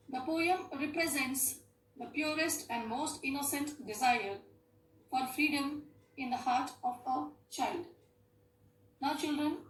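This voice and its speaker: In an echoey room with a faint hum, a woman with a high, slightly bright voice teaches an English lesson to schoolchildren. Speaking Indian English, she explains things step by step and repeats the key points.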